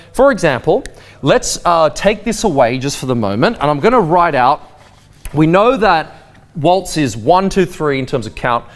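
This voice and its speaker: A man teaching a waltz lesson, explaining timing and counting beats aloud with a sing-song lilt. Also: fairly high pitch. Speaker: dance teacher. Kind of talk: spoken dance lesson. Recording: faint waltz music behind. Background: waltz music.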